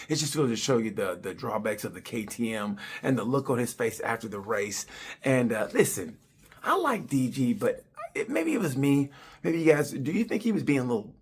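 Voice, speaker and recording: Give me a husky-voiced man ranting loosely and comically about a race. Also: mid-range voice. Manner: rambling, loose, profane, restarts a lot. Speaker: comedian reviewing a motorcycle race. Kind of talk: comedic rant.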